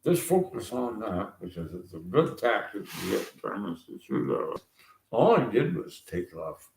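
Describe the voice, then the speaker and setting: A man's voice: fairly low pitch, creaky. A man on a rambling political rant, sarcastic and chuckling often, recorded in an echoey room. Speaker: vlogger.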